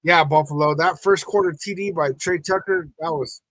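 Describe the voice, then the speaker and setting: A man's voice: on the high side, steady tone, normal speed, a bit bright, no room sound, rough recording. A man hosting a live football watch party, reacting to the plays and talking with his chat. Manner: frustrated, reacting to the game, talks to chat. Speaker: podcast host.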